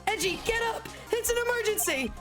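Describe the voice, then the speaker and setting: A goofy, excitable young man in a game who shouts his lines in a high voice. Game music plays clearly behind. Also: fairly quick, far from the mic. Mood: frantic.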